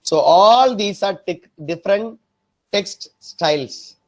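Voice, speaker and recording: A man teaching a software design lesson, often repeating himself and asking if the class is following. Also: high-pitched, expressive, slow pace. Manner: repetitive, keeps checking "am I clear?". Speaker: design instructor. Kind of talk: screen-recorded software tutorial.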